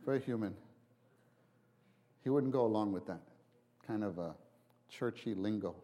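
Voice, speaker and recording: A man preaching a sermon, halting and repeating himself, then acting out quotes with sudden big jumps in voice. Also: fairly low pitch, warm tone. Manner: halting restarts, repeats words.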